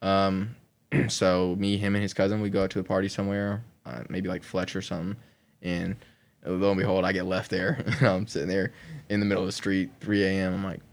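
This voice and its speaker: A man from Oklahoma recounts his past in a loose, conversational podcast telling. His voice sits on the low side, and he rambles through fillers, often laughing between sentences. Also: level tone, fairly quick. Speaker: guest sharing his testimony.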